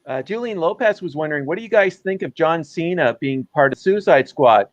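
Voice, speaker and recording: A man co-hosting a casual chat, reading out viewer questions briskly. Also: a little high, lively intonation, dry recording. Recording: dull lo-fi audio.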